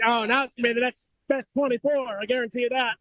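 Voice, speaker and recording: A man's voice: very high voice, steady tone, quick pace, sharp tone, poor audio. A man who runs a racing team, giving a jovial, joking post-race interview in a crowded team garage.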